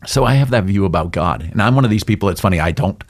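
Speaking fast in a lowish, animated voice, this interview guest is a middle-aged business owner from New England. In a casual chat, he spins jokey stories and acts out little character voices with big leaps in pitch.

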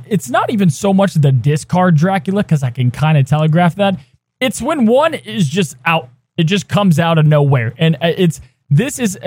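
This is a man co-hosting a casual podcast, bringing animated energy as he sets up each segment. His voice sits high for a man. The sound is dry and close to the mic, with no room around it. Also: no echo. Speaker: podcast co-host.

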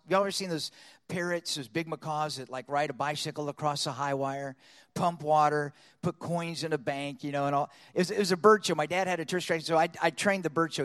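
A man telling a lively personal story to an audience, preacher style, acting out his own thoughts and voices. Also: fairly high pitch, long reverb tail. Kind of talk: storytelling sermon.

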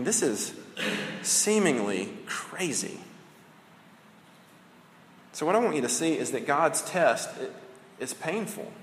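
A man preaching a sermon in a casual, conversational way. He often tags his points with "right?" and slows down to stress key phrases. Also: on the high side, a bit bright, a little hiss or hum. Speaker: pastor. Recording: long hall reverb with faint ambience.

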